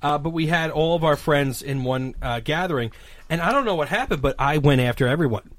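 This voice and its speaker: A man's voice: on the high side, brisk, no echo. A man co-hosting a casual podcast chat, joking boisterously about himself and his friends. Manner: boisterous, self-mocking banter. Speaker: podcast co-host.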